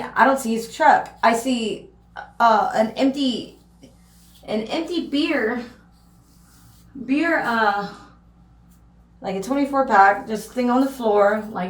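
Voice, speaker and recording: A young woman telling a personal story in a casual vlog, rambling with lots of fillers and restarts. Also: on the high side. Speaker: vlogger. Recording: echoey room.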